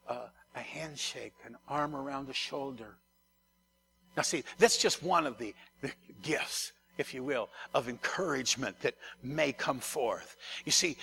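A man's voice: a little high, vocal fry, bright, forceful tone. A man, a pastor, preaching a conversational sermon to his congregation, often repeating words and turning to the listeners.

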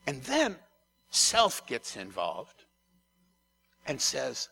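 A man's voice: on the high side, lively intonation, a little slow, vocal fry, sharp tone, a little hiss or hum. A man, a pastor, preaching a conversational sermon to his congregation, often repeating words and turning to the listeners.

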